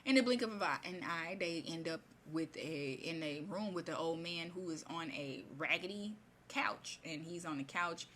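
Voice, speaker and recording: A woman's voice: deep voice, moderate pace, a bit bright, slight background noise. A woman casually retelling a fairy tale in her own words, rambling and chatty, with many restarts. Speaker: storyteller.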